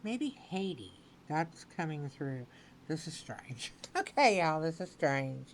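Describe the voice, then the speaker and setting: A woman giving a spoken tarot reading, repeating her phrases slowly and with emphasis. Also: sits low, sing-song, slight background noise, rough recording. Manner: slow, repetitive, affirming phrasing. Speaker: tarot reader.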